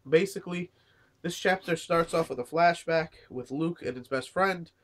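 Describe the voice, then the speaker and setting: This one's a somewhat high, slightly bright voice at normal speed. The man is sick and coughing as he casually chats about a manga chapter, rambling and saying "uh" and "you know" a lot.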